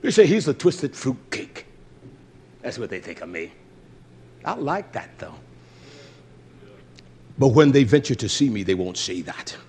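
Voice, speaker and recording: A man preaching a fiery sermon, cursing and shouting, then dropping to low muttering. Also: very animated, measured pace, pauses often, husky. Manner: shouting, cursing and swinging between loud outbursts and low muttering. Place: religious feast gathering.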